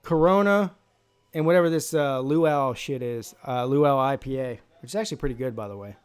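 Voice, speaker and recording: A man's voice: mid-range voice, brisk, clear, resonant tone. A man from South Carolina hosting a live football draft stream, brash, profane and joking in casual commentary.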